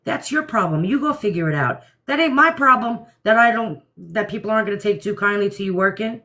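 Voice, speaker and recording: A woman's voice: mid-range voice, animated, brisk, bright, forceful tone. A middle-aged woman hosting a casual livestream from home at night, blunt and laughing often. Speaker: livestream host. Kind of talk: casual live chat.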